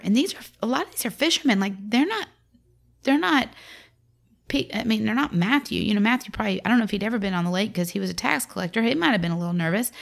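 A woman in her forties speaks to other mothers about faith in a friendly, conversational way. Her voice has a gravelly edge, and she brings the quoted lines to life as she talks. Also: medium pitch. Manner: conversational and expressive, acting out quotes. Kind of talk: devotional talk on scripture.

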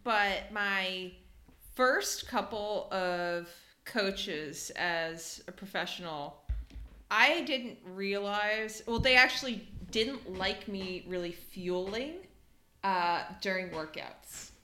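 A woman's voice: mid-range voice, slow pace, sharp tone, a little hiss or hum. A woman co-hosting a sports podcast, chatting casually and laughing easily, often trailing off and restarting. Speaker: podcast co-host. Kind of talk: casual chat. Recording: echoey room.

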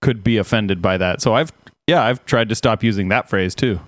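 A man's voice: lowish voice, moderate pace, no room sound, studio quality. A man commenting casually on a clip with light teasing remarks. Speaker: podcast co-host.

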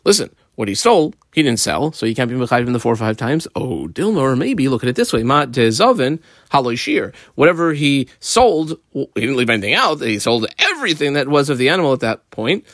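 A man giving a daily Talmud lesson, explaining the page casually with everyday examples and frequent pauses. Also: mid-range voice, big pitch swings, a bit bright, dry recording, studio quality. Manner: halting, with frequent ums and restarts. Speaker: Talmud teacher.

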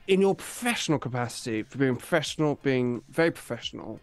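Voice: mid-range voice, lively intonation, fast talker, soft background music. A player in a tabletop role-play game, talking in a bumbling, rambling way.

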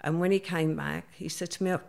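Older woman, low gravelly voice, chatty, does the voices of people in her stories. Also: fairly even intonation, a little fast, darkish tone. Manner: chatty, acts out quoted voices. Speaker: guest. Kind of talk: storytelling interview.

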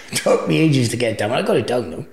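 A man's voice: mid-range voice, big pitch swings, fairly quick, gravelly, darkish tone. A man as an interview guest, telling crude travel anecdotes with frequent laughter. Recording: echoey room.

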